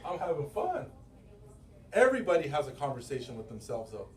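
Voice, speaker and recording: Middle-aged male sales boss, loud storyteller, room echo, mic off at a distance. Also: fairly high pitch, brisk. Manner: animated storytelling, acting out quotes; loose, profane, laughing often. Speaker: sales manager and business owner. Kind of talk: motivational team meeting talk. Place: meeting room. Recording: roomy, from far off the mic.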